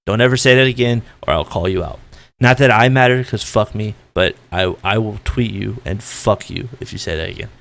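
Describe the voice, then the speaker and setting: A man ranting as a gaming commentator, with a gritty voice and a loud, blunt, profane way of talking. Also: lowish voice, brisk, gravelly.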